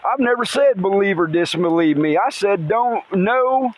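A man hosting a podcast outdoors in a rainstorm by a river, talking in an excitable, rambling way and swearing casually. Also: high-pitched, normal speed, rough recording. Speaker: podcast host. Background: faint rain and river ambience.

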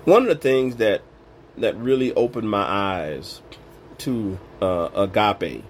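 A man's voice: lowish voice, expressive, takes it slowly, slight background noise. A man giving an informal sermon, preaching in an emphatic, colloquial way. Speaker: Bible teacher.

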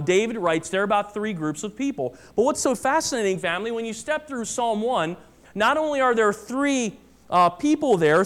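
A male pastor preaches with a high, ringing voice, driving home each point with urgency. He repeats key phrases for weight and often calls his listeners family. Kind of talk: sermon. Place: church.

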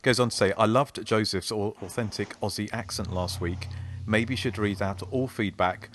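A man's voice: on the low side, fairly even intonation, moderate pace, fairly bright tone, slight background noise. A man hosting a podcast, chatting casually and reading listener emails aloud. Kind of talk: casual chat.

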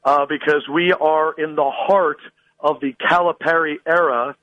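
A male guest with a high voice performs his sports takes as mock drama, his pitch swinging up and down as he goes. The line sounds dull and dry, with no room around it. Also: fairly even intonation, unhurried, a bit bright, dry recording. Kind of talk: theatrical comic storytelling on sports radio.

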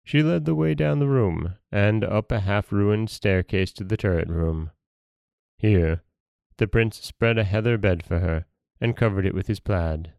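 A man hosting a podcast and reading a folktale in a calm, measured storytelling manner. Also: lowish voice, creaky, clean tone, no room sound.

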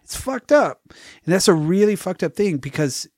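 A man chatting casually about a movie, animated and profane, acting out scenes and laughing often. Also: sits high, moderate pace, no room sound, studio quality. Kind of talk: casual chat about a film.

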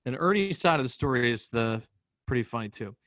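A man from Boston, a podcast guest, telling a personal story in a blunt, profane, animated way and acting out what people said. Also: mid-range voice, a little fast, no echo. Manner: blunt, profane, animated retelling with acted-out quotes.

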